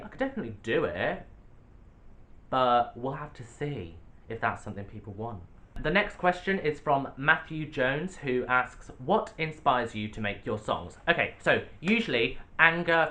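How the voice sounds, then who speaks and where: A man's voice: medium pitch, pushed and bright. A young man, a drag artist, answering fan questions in a casual vlog, playful and sassy with cheeky jokes. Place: home, sitting on a sofa.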